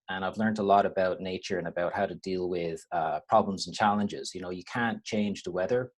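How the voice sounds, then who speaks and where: An Irish lecturer in his thirties presents a webinar over a video call. His voice sits low, and his talk is relaxed and rambling, with restarts along the way. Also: slightly rough. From Ireland. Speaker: university lecturer.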